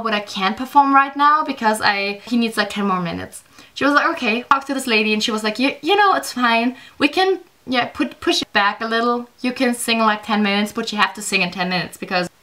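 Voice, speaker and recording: A woman's voice: a little high, fairly quick, sharp tone. A young woman whose first language is German, telling a casual storytime in a chatty way, acting out the other people's lines with lots of fillers. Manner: chatty, acts out quoted voices, many fillers. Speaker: vlogger.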